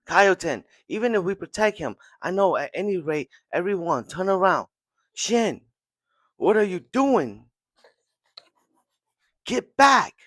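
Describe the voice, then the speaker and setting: A frantic female commander shouts for her unit to pull back, as a man puts her on. The voice jumps high above his usual range and rings loud. It sounds dry and close. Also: very animated, slow pace, long pauses, dry recording, exaggerated voice.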